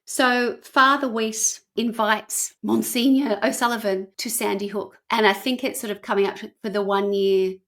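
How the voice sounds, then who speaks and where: Woman on a chatty podcast, earnest, mid pitch, talks fast then drags out the heavy bits. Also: fairly even intonation, a bit bright. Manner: earnest, shifting between quick asides and slow emphasis. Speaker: podcast co-host. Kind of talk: casual chat retelling a documentary.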